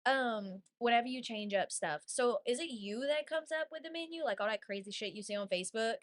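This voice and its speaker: A woman's voice: on the high side, fairly quick. A woman hosting, asking curious, casual questions in a podcast chat.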